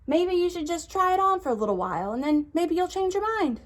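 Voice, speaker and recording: A woman's voice: very high voice, very animated, brisk, pitched above the performer's own voice. A woman voicing a confident male tiger in a storybook, breezy, upbeat and persuasive.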